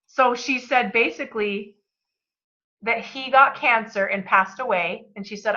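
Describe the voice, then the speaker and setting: Upbeat woman reading and riffing on a self-help book, bright forceful voice, dull lo-fi sound. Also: fairly high pitch, a little slow. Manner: enthusiastic, motivational, chatty. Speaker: book club host. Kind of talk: reading aloud and commenting on a book.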